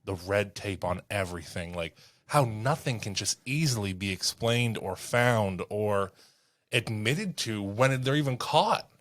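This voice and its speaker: A man's voice: lowish voice, lively intonation, a little slow, fairly bright tone. A Canadian man co-hosting a podcast, talking politics earnestly and sometimes stumbling over his words. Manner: earnest, hesitant, searches for words. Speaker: podcast co-host. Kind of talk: casual political chat.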